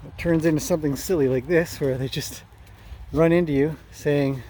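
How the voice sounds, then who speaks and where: A man training horses out in a pasture, talking casually to the camera and chatting to the horses in a relaxed way. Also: a little high, normal speed. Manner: relaxed, talks to the horses as he goes. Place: outdoors in a pasture among horses.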